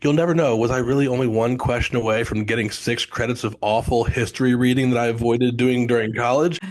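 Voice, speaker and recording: A middle-aged man talks in a loose, rambling storytelling style, full of asides and self-corrections. His voice sits at an ordinary, middle pitch for a man. He sounds like a guest on a relaxed podcast explaining his business. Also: brisk. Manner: chatty storyteller, many restarts and asides. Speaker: guest, founder of test prep company. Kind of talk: casual podcast interview.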